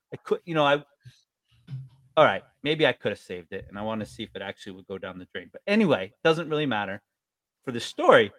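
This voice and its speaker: A man's voice: dry recording, clean studio sound. A man in his forties from New York State, telling stories in casual chat. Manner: animated storyteller, jumps up in pitch.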